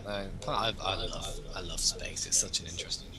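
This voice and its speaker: A man's voice: low-pitched, normal speed, a loud crowd, poor audio. A young man hosting a casual political chat, rambling and opinionated as he thinks aloud. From Britain. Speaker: host.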